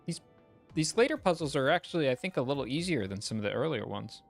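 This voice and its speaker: A male streamer mutters quietly as he plays through a puzzle game. His voice is mid-pitched and easygoing. Faint game music plays underneath. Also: big pitch swings, fast, creaky. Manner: quiet, muttering to himself while solving puzzles. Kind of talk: casual gameplay commentary.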